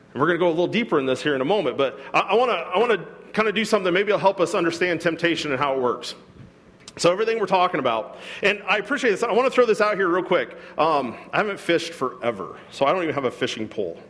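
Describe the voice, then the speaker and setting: A man preaching a sermon to his congregation, animated and joking, acting out quoted voices as he goes. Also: high voice, big-room sound. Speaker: pastor. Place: church hall.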